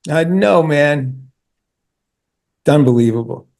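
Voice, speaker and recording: A man's voice: fairly high pitch, animated, slow pace, vocal fry, darkish tone. A man hosting a casual interview, talking with enthusiasm while stumbling and repeating words as he goes. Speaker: host.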